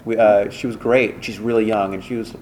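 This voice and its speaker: A man who works as a voice director and voice actor, answering podcast questions in rambling, animated stories full of fillers and restarts. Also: on the low side, brisk, background noise. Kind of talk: casual podcast interview storytelling.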